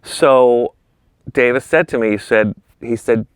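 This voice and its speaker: A male talk show guest tells anecdotes in a smooth, mid-range voice at a measured pace. He's casual and animated, swearing freely and acting out the voices of the people in his stories. The audio is studio quality with no echo.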